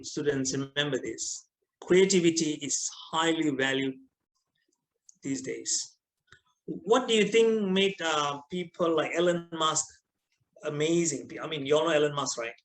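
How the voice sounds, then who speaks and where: A middle-aged man with a Malaysian English accent and a fairly high pitch gives a lively, teasing online lecture, frequently asking his students questions. The audio quality is poor.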